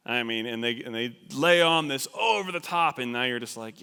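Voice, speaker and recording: A man from New Jersey preaches in a conversational, animated way and pokes fun at himself. His voice is smooth and clear, sitting at a middle pitch. Long reverb from the church sanctuary rings behind each phrase. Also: normal speed, few pauses. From New Jersey, USA. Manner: conversational, animated, self-deprecating. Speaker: missions speaker. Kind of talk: sermon.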